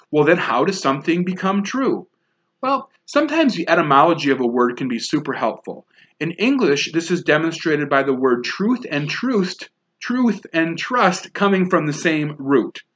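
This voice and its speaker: Male pastor, slightly high voice, emphatic sermon delivery, muffled lo-fi recording. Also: a bit bright. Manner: emphatic, repeats words for stress. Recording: dull lo-fi sound.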